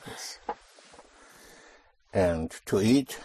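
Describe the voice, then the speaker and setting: Speaking extremely slowly, a man with a deep, dark voice and lively intonation teaches a language lesson, patiently correcting and repeating a student's answers through spoken drills. Slight background noise is present.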